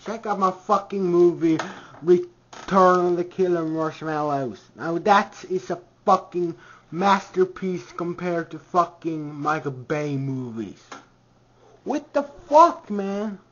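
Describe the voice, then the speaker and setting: A man ranting to camera in a comedic, heavily profane vlog, swinging from shouts to mutters. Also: high-pitched. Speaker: vlogger. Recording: dull lo-fi home recording.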